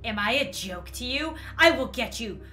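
A woman's voice: on the high side, expressive, normal speed, bright, forceful tone, faint music behind. A woman voicing a sweet young girl who turns murderous, cheerful at first and then taunting her victims. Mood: menacing.

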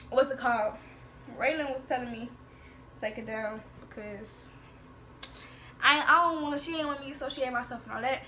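A woman's voice: sits high, slight background noise. Sassy young woman telling drama. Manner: sassy, animated retelling with slang and quoted exchanges. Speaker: vlogger. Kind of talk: storytime vlog, recounting social media drama.

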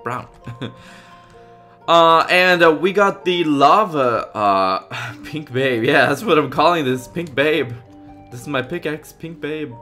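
A man hosting a game video in casual let's-play commentary, thinking aloud with many fillers, going from loud upbeat asides to quiet muttering. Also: fairly high pitch, expressive, slow, faint music behind. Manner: loud upbeat openings, then muttering to himself while searching. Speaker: gaming video host.

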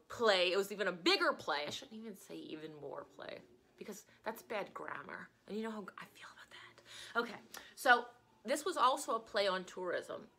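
A woman's voice: lowish voice, pushed and bright. A woman teacher from Louisiana giving a chatty, digressive lecture in a casual way.

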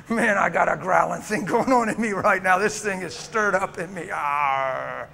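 A man preaching a sermon as he tells a story, dropping to a hush and rising to a shout. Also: sits high, wildly swooping pitch, takes it slowly, vocal fry.

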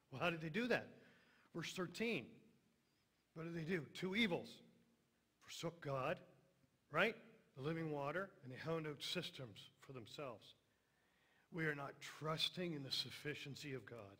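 A middle-aged man preaching a sermon, emphatic, then dropping to a hushed voice on tender lines. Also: fairly high pitch, normal speed, pauses often, husky.

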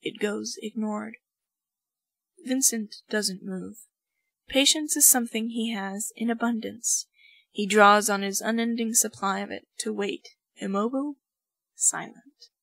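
A woman narrating a fan fiction story aloud in a measured, even way. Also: medium pitch, gravelly, dry recording, poor audio. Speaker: podfic reader.

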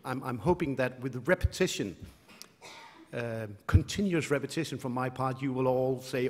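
A man's voice: medium pitch, fairly even intonation, moderate pace. A man from Denmark with a Danish accent giving a conference lecture, hesitant with many fillers and restarts, with a light self-mocking humor. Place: lecture hall. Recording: reverberant lecture hall.

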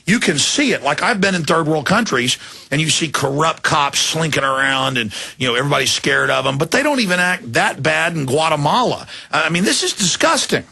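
A man's voice: fairly high pitch, big pitch swings, a little fast, gravelly, bright, forceful tone, breathy edge. A tired male talk radio host rambling through an indignant personal story in an interview, full of restarts. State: tired after a long broadcast.

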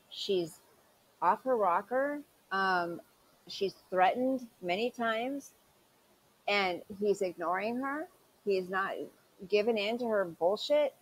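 A woman's voice: mid-range voice, slightly rough, poor audio. Woman, reaction host, sarcastic, critical, questioning tone. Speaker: commentary channel host. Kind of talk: reaction commentary.

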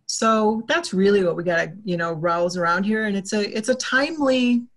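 Brief: talkative woman guest, mid-pitched, animated, chatty interview voice. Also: moderate pace. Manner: animated, talkative, acts out quoted exchanges. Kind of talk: casual interview talk.

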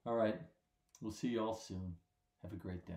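A man, a pastor, giving a children's sermon in gentle, simple words, checking in with his listeners. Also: on the low side, steady tone, moderate pace, reverberant, a little hiss or hum.

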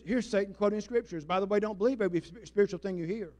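Guy pastor preaching a sermon, kinda high voice, gets loud then quiet, keeps the crowd talking back. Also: quick pace, hardly any pauses. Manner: animated preacher, leads congregation call-and-response; dramatic swings in loudness, shifting between emphatic and hushed. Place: church sanctuary before a congregation.

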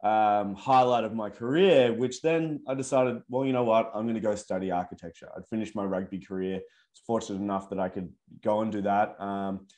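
A man with a strong Australian accent talks easily about his life as a guest on a video call interview. His voice sits a bit low, and his telling is relaxed and easygoing. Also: a little fast.

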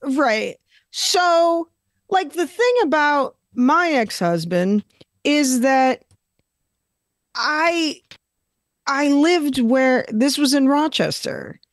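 A woman's voice: high voice, animated, drawn-out words, pauses often, no room sound, clean studio sound. A woman hosting a podcast in casual conversation, joking and cutting in with questions. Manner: interrupts to ask questions, joking. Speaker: podcast host.

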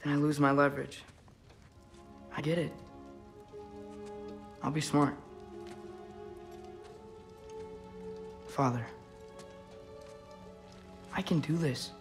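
An actor playing an earnest teenage boy in a video game, talking gently and soothingly to his animals. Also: on the high side, steady tone, takes it slowly, gravelly, pauses often, soft background music. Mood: determined.

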